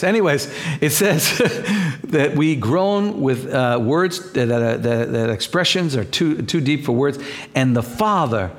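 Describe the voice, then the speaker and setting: Fervent preaching man, fairly high voice. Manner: fervent, repetitive preaching with many restarts. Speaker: pastor. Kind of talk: sermon.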